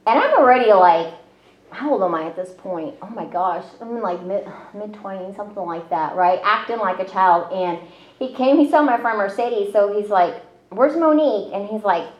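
A woman tells her story in a relaxed, self-deprecating way, full of fillers and asides. Her voice sits at an ordinary middle pitch. The sound is roomy and a little dull. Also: moderate pace. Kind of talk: casual personal storytelling. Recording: roomy, slightly dull audio.

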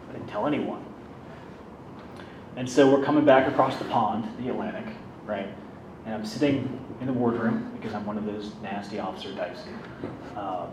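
A man candidly telling a self-deprecating personal story about his recovery, in a casual, conversational way. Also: fairly low pitch. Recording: roomy, distant mic, background noise.

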